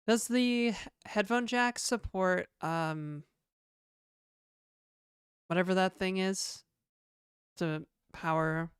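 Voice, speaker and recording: Chatty low-voiced woman streamer. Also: takes it slowly, pauses often, clear, resonant tone, no echo, clean studio sound. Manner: rambling, chatty, swears casually, reacts to chat. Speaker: game dev streamer. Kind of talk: casual livestream chat.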